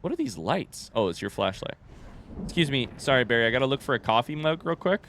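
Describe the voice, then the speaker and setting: A man streaming a video game live, giving excitable, jokey commentary with plenty of swearing. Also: mid-range voice, quick pace, slight background noise.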